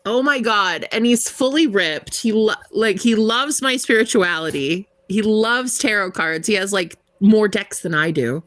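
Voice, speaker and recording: Young woman, US-American, talks to her stream viewers, giggly, rambling, lively voice that jumps around, dry close sound. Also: medium pitch, unhurried, hardly any pauses, dry recording. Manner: giggly, rambling, playful, lots of "like". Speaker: tarot reader livestream host. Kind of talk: casual chat with live viewers.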